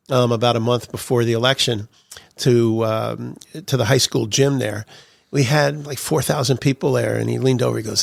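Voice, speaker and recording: A man's voice: mid-range voice, vocal fry, no echo. A man telling political anecdotes as a podcast guest, chuckling through his stories. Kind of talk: storytelling interview.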